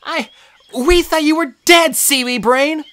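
A narrator voicing a fierce, emotional teenage girl demigod in an audiobook, shrill and close to yelling. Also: unhurried. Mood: upset. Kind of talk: audiobook character voice.

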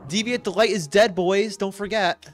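A man streaming a game live, reacting excitedly with laughter and constant swearing while talking to his chat. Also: high-pitched, moderate pace, soft background music. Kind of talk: live gameplay commentary.

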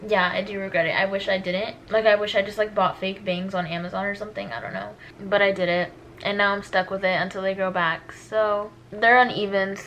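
A young woman vlogs casually at home in a medium-pitched, fairly bright voice, brisk and flat in delivery. She's dramatic and exasperated, poking fun at herself. The room echoes, the camera sits a bit distant, and there's slight background noise.

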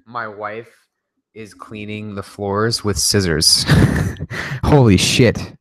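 Man, lowish voice, loose profane livestream host banter, dry close sound. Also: slow pace, dry recording. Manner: joking, profane, rambling. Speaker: livestream host answering viewer questions. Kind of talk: casual rapid-fire Q&A livestream.

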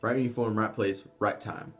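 A man's voice: lowish voice, fairly even intonation, moderate pace, soft background music. A young man giving casual tips to camera, rambling and swearing, with frequent restarts. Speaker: vlogger, army trainee.

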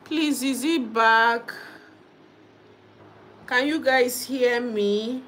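A woman hosting a birthday live stream, warmly thanking viewers by name and laughing often. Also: on the high side, very slow, pauses often, poor audio.

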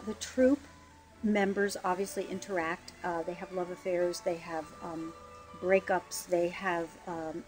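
A woman's voice: lowish voice, darkish tone, low-quality recording. Chatty woman lyricist explaining her show. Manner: chatty, laughs easily, fills pauses with um. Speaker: lyricist and book writer. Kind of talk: casual interview explanation.

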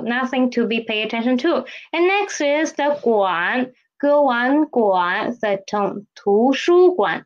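Slow patient woman teaching a lesson. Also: fairly high pitch, dull audio. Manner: patient, repeats words and checks with "okay?" and "right?". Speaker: Chinese language teacher.

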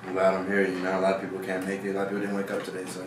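A man's voice: low-pitched, completely flat delivery, racing, far from the mic, noisy background. A young man from the Everett area of Washington, a rapper guest chatting casually on a podcast, laid-back, saying "bro" a lot. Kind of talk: casual chat. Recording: echoey room, set back from the mic.

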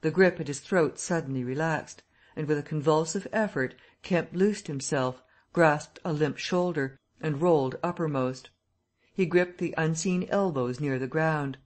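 A man reading a classic novel aloud as an audiobook narrator, telling the story in a steady, even way. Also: on the high side, a little slow.

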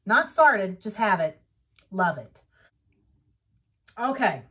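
Slow-talking chatty woman vlogger. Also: medium pitch, very animated, sharp tone. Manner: chatty and enthusiastic, unhurried. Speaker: needlework vlogger. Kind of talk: casual show-and-tell chat.

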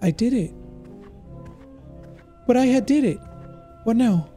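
This man talks through a horror game, swearing freely and tossing in Spanish slang. His pitch jumps around constantly, with lively swings between high and low. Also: slow pace, faint music behind. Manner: swears a lot, thinks out loud. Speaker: gaming YouTuber. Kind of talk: reacting to a horror game playthrough.

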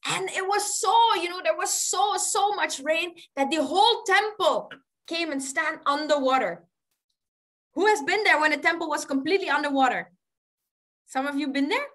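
A woman storyteller telling a story to children, animated, laughing often and asking them questions. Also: high voice, moderate pace.

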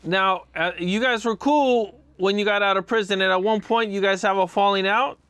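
Man, interviewer, high voice, smooth tone, calm probing questions. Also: moderate pace.

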